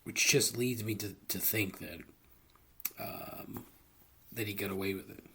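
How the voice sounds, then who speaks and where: A man's voice: lowish voice, fairly even intonation, a little slow, a bit bright, slight background noise. A man hosting a solo comedy podcast, rambling profanely into a close microphone and laughing at his own jokes. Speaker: podcast host. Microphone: close studio microphone.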